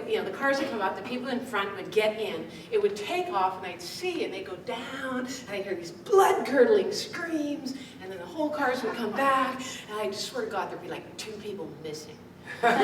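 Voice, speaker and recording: A woman speaking coach telling a lively story to a live audience, laughing often as she talks. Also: medium pitch, moderate pace. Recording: distant mic in an echoey room with background noise.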